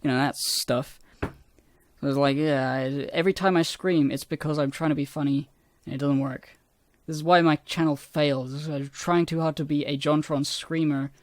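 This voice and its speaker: In a dry, studio-quality recording, a man with a somewhat squeaky voice casually rambles about his old videos, swearing a lot and poking fun at himself.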